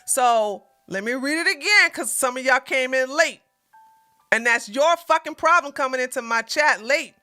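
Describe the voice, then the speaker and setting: A woman with a high, sharp, bright voice rants at her chat in blunt, cursing commentary. She mocks and repeats her points with a forceful edge, and faint music plays behind her. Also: expressive, moderate pace, smooth. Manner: blunt, cursing, mocking, laughs loudly. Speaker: livestream host reacting to a clip. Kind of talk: heated profane commentary.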